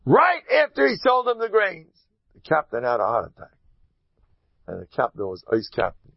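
A man tells a folksy parable with a moral, his voice gravelly and husky. His pitch swings in a lively way, and he drops Hebrew and Yiddish terms into his talk. The recording is dry and dull. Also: normal speed, dry recording. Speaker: storyteller giving moral advice.

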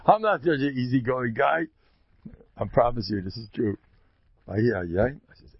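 A man with a Yeshivish, Yiddish-flavored accent gives an informal religious talk, full of jokes and little acted-out exchanges. His voice sits in a middle pitch and leaps high when he stresses a point. The recording is dry and slightly dull. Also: normal speed, long pauses, husky, no room sound. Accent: Yeshivish English, Yiddish-peppered. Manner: animated, joking, acts out little dialogues. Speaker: speaker giving a Torah talk.

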